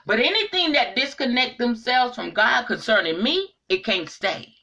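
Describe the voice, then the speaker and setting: Animated, bright-voiced middle-aged woman preaching. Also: a little high, normal speed. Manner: animated, preachy, speaks straight to the audience. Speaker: online inspirational speaker. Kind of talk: casual spiritual monologue to viewers.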